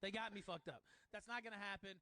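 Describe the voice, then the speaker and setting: A man ranting angrily on a stream, swearing hard and mocking others in shouted high voices. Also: fairly even intonation, fast, dry recording. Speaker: streamer in a played clip. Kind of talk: profane angry rant.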